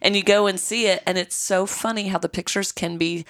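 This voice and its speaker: A woman's voice: mid-range voice, steady tone, a little fast, fairly bright tone. A woman podcast host and real estate agent, chatting casually and laughing often.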